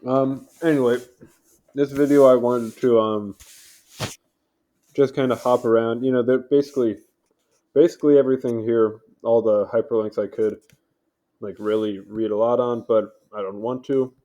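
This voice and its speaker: Guy at home reading wiki stuff aloud, mellow voice, mumbly and offhand. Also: mid-range voice, fairly even intonation, moderate pace, long pauses. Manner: offhand, mumbly, stumbles over names. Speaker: video host reading wiki articles. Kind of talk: casual read-along commentary. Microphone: home mic.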